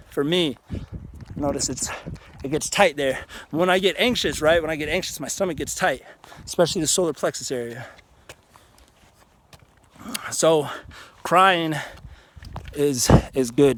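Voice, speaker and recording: Out in a canyon, a man vlogs a casual motivational talk that's earnest, frank, and loaded with swearing, restarting many times. His voice is high. The audio carries a little hiss or hum.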